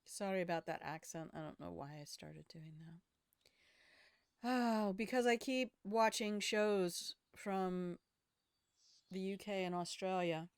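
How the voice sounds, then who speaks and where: A woman's voice: mid-range voice, measured pace, clean tone, no echo, studio quality. An older woman streaming a video game, chatting casually, thinking aloud and swearing freely. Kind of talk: casual gaming commentary.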